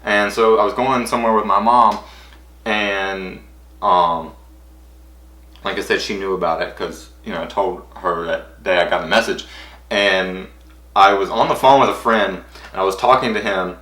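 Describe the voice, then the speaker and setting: A young man vlogging, telling a story in an excited, rambling way, full of "like" and acted-out quotes. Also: moderate pace, reverberant. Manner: breathless, rambling, acts out quotes in high squeals.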